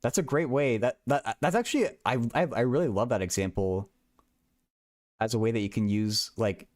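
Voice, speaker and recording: A man's voice: medium pitch, moderate pace, a little mellow, dry recording, studio quality. A young man hosting a casual livestream, thinking aloud in a rambling way with many stammered restarts. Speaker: livestream host.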